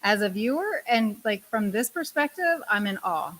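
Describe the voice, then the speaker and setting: A woman's voice: medium pitch, sing-song, moderate pace, a bit bright. A woman chatting casually as a guest on a livestream, tipsy and giggly. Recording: faint hiss.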